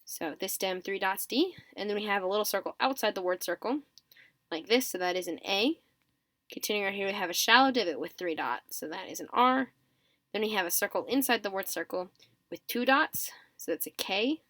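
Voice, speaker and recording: A woman's expressive, slightly bright mid-range voice moves a little fast as she teaches an invented writing system in careful steps. She counts items aloud, catches her own mistakes, and yawns, sounding somewhat sleepy. The recording has no room sound.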